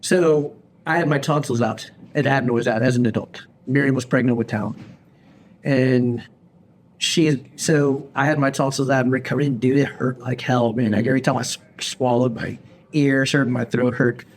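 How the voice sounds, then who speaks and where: A man's voice: mid-range voice, moderate pace. A man, a podcast host telling a long story in casual chat and acting out the lines he quotes. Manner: animated storyteller, acts out his own quoted lines. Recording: faint background noise.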